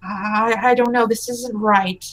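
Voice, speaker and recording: A big gentle orc dad, strong but jittery, stammering through his words, as a woman puts him on at the game table. The voice sits fairly high and bright for such a hulking creature. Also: fairly even intonation, a little slow, rough recording. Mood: worried. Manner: hesitant, flustered stammering.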